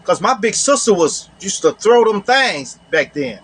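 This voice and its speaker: Guy with a high voice just talking, telling a story from his life, repeats himself a lot, says "you know" a bunch. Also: very animated, a little slow, a bit bright, husky. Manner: repeats phrases, often adds "you know". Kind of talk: casual personal storytelling.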